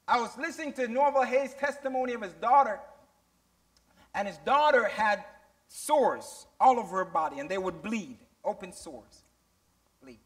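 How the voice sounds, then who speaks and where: A man's voice: high-pitched, expressive, normal speed. A man pastor preaching a sermon to his church, using call-and-response questions and emphatic rising delivery.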